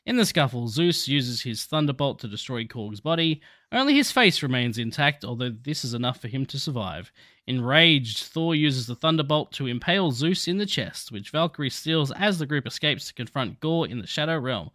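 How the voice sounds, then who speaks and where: A man's voice: mid-range voice, animated, normal speed, bright, forceful tone, no echo, studio quality. A man co-hosting a casual movie podcast, reading plot summary and trivia and chatting with laughs. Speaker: podcast co-host.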